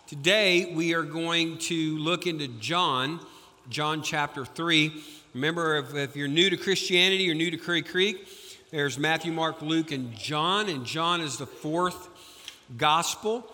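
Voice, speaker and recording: A male pastor delivers his sermon with a bright, ringing voice pitched a touch high. His throat is sore, and his words carry a long echo through the church hall. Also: measured pace. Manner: folksy, rises in pitch and volume reading scripture. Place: church sanctuary.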